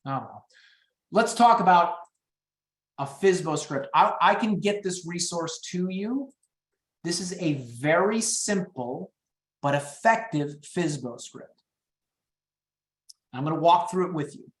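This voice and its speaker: High-energy man teaching real estate scripts. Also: lively intonation, echoey room. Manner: high-energy, upbeat and quick-moving. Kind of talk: training webinar talk.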